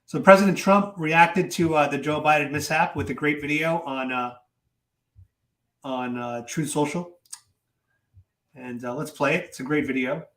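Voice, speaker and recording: A man gives casual political commentary to his viewers, animated and chatty, with lots of fillers and repeated words. His pitch is fairly high and his delivery unhurried with frequent pauses, recorded in an echoey room.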